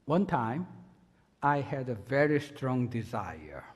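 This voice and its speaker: A man's voice: mid-range voice, very animated, slow, slightly rough. Earnest male pastor in a big echoing church. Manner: earnest, emphatic, with rising bursts of energy. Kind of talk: sermon. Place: church sanctuary. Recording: reverberant church sanctuary.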